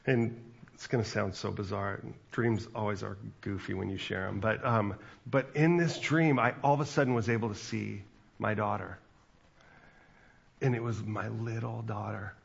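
A man's voice: fairly low pitch, fairly even intonation, moderate pace, creaky, slightly rough, highs cut off. A man in his forties, a pastor, giving a chatty sermon with asides to the congregation.

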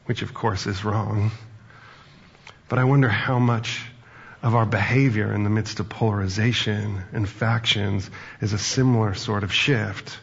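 Male pastor, mid-pitched, gravelly and husky, casual sermon delivery, dull lo-fi recording. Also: steady tone, a little slow. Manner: conversational preaching with anecdotes and fillers.

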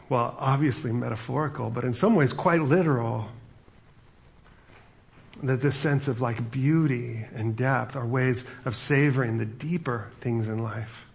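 A man's voice: mid-range voice, gravelly. A middle-aged male pastor giving a sermon, retelling a film story in a loose, chatty way with lots of fillers. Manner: casual storytelling with many fillers.

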